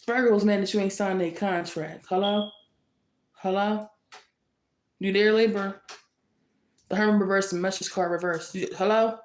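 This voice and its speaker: A woman's voice: medium pitch, steady tone, normal speed, long pauses, echoey room, low-quality recording. A woman giving a fiery, confrontational tarot reading, repeating herself for emphasis. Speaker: tarot reader.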